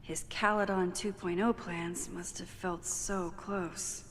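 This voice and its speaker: A young woman voicing a thoughtful young woman who muses quietly to herself in a video game inner monologue. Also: fairly low pitch, fairly even intonation, slow, in a large hall, slight background noise. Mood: musing. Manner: hushed, reflective.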